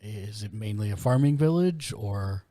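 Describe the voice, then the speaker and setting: A man's voice: lowish voice, animated, moderate pace, warm tone, dry recording, clean studio sound. A man playing an online tabletop game, casually asking the game master questions with fillers. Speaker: player.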